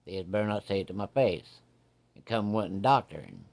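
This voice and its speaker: A man's voice: fairly low pitch, big pitch swings, brisk, gravelly, a little mellow. A man voicing a kindly, plainspoken old frontier doctor, speaking in a folksy, fatherly way.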